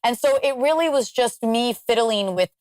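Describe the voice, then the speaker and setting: A woman guest on a podcast, telling stories in animated, casual chat with quick asides. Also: fairly high pitch, dry recording.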